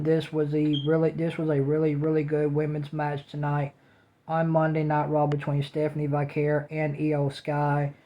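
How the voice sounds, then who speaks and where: A man talks through a recap in a casual reviewer's manner, his voice sitting slightly high yet dark and mellow in tone. His delivery barely moves in pitch, an almost flat drone. He keeps repeating the same words of praise. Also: poor audio. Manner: repetitive, restating praise over and over. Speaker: wrestling show reviewer.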